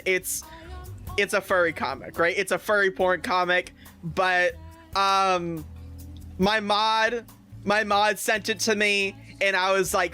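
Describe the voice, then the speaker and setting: A man giving a casual streamed review, excitable and rambling with lots of fillers and swearing. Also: high-pitched, a little slow, faint music behind.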